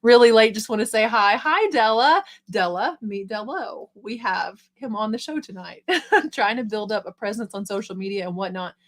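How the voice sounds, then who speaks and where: A middle-aged woman hosting a live stream, chatting casually and quickly, reading viewer comments and encouraging them. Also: medium pitch. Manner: fast-talking, upbeat and encouraging.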